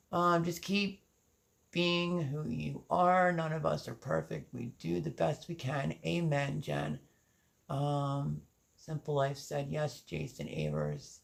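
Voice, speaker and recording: Gravelly-voiced woman chatting on a live stream. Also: low-pitched. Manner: chatty, reads viewer comments aloud. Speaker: gardening channel host.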